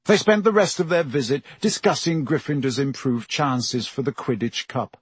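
A man's voice: medium pitch, moderate pace, breathy edge, dry recording. A man reading a novel aloud as an audiobook narrator, telling the story steadily. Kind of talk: scripted narration.

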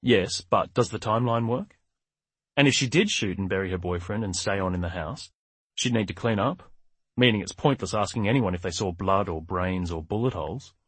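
A man narrating a crime novel audiobook in a steady, measured way. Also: low-pitched, husky, no echo. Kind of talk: scripted narration.

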